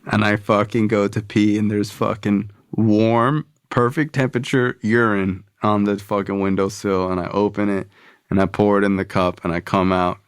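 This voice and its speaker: A man's voice: lowish voice, little pitch movement, normal speed, smooth. A young man, a podcast guest, telling a blunt, profane story about his past in a casual way.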